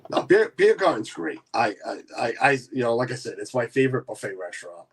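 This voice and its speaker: A man's voice: mid-range voice, very animated, a little fast, breathy edge. A man hosting a casual livestream chat, rambling with many restarts. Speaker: livestream host.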